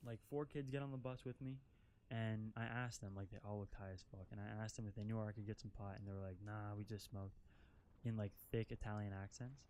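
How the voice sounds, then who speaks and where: A man's voice: fairly low pitch, fairly even intonation, quick pace, a little mellow, a little hiss or hum. A young man telling a casual storytime as a vlogger, rambling, swearing and leaning on "like" constantly, while out driving an off-road vehicle. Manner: rambling, profane, filler-heavy with constant "like".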